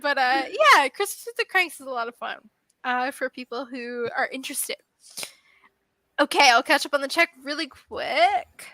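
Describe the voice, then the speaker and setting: A woman's voice: high-pitched, normal speed, sharp tone. A young woman hosting a livestream, chatting casually, laughing a lot and swearing freely. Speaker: livestream host. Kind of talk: casual chat.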